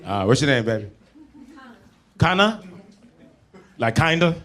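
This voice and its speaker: A male stand-up comedian doing crowd work, teasing people in the audience and slipping into quick put-on voices. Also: mid-range voice, sing-song. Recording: live club set with loud crowd laughter.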